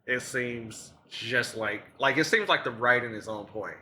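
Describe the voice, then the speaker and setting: A man co-hosting a casual podcast, joking around in a relaxed, profane way. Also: medium pitch, a little slow. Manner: joking, does bad mock accents. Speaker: podcast co-host. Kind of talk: casual chat.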